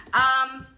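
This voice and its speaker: Slow, very bright-voiced woman teaching art. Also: sits high, reverberant, slight background noise. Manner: chatty and encouraging, hums repeated words while drawing. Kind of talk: drawing tutorial, talking while working.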